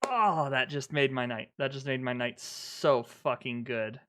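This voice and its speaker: A man streaming live, reacting to a trailer with excited, swear-filled gushing like a fanboy. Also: mid-range voice, unhurried.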